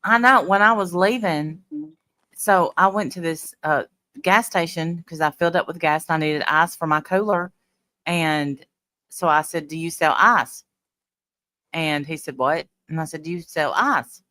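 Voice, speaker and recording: A woman's voice: low voice, a bit bright, no room sound. A woman, hosting a casual chat and telling an anecdote, laughing easily. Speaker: host.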